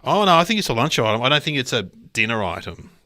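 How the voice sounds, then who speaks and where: A man co-hosts a casual podcast, chatty and animated. His voice swings up and down a lot and sounds bright. The recording is close and dry. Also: mid-range voice, fast talker, no echo. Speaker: podcast co-host. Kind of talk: casual chat.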